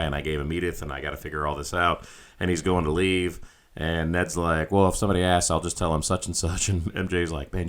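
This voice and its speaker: A man with a deep, bright voice chats casually on a podcast. He retells film scenes with animation and briefly acts out the characters' lines. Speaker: podcast co-host. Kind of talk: casual movie review chat.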